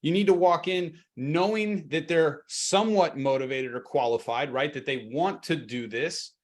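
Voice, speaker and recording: A man leads a sales training webinar in a relaxed, conversational way. His voice sits on the higher side, and he breaks into quick acted exchanges between agent and client to make his points. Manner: energetic, conversational, acts out seller and agent lines. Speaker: real estate sales trainer. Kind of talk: live training webinar talk.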